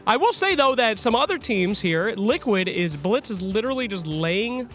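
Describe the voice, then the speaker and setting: High, lively and bright joking male host. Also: normal speed, faint music behind. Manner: playful, energetic and teasing. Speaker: roaming event host. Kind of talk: joking live broadcast banter.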